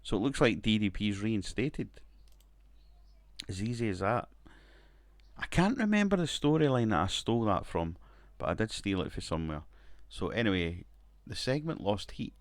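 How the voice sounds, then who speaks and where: A man's voice: fairly low pitch, very animated, moderate pace, no room sound. A man casually commenting on his wrestling management game, rambling, swearing and laughing now and then. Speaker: gaming video creator.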